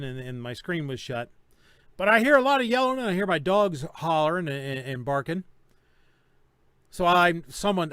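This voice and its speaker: A man's voice: on the high side, fairly bright tone, no room sound. A middle-aged man hosting a casual live-stream podcast, telling stories bluntly and with plenty of swearing. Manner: blunt, profane storytelling. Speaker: podcast host.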